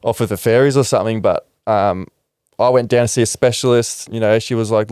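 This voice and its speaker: A man's voice: mid-range voice, brisk, a little mellow, clean tone, dry recording, clean studio sound. A young Australian man, a former rugby league player, talks frankly and reflectively as a podcast guest, with casual swearing. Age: young adult. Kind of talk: candid interview talk.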